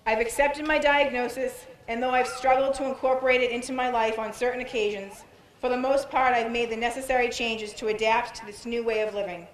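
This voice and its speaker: A woman's voice: on the high side, fairly even intonation, brisk. Determined woman reading a speech, echoey. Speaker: cancer patient giving a speech. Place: outdoor event. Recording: echoey PA sound.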